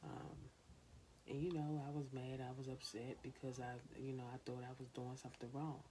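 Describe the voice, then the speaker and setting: Very low-voiced woman giving parenting advice. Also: level tone, normal speed, dark tone, a little hiss or hum, low-quality recording. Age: 20s. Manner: earnest, repetitive, coaching other parents. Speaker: parenting vlogger. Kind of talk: casual how-to talk to camera.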